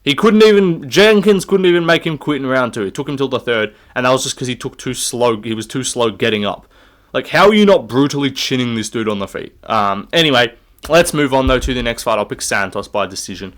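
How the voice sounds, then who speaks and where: A young man rants through his fight picks, swearing freely and looping back on himself. He sounds loose and opinionated, talking at a middle pitch as he stands recording on his own. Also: expressive, a little fast. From Australia. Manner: rambling, profane, opinionated. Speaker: MMA fight predictor. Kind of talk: casual solo rant.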